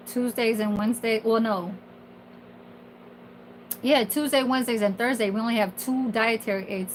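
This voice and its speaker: A woman in her forties talks candidly and profanely, rambling through a casual vent with plenty of fillers. Her voice sits a touch higher than most. A faint hum of noise lies underneath. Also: fairly bright tone, rough recording. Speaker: kitchen worker. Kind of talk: casual venting monologue.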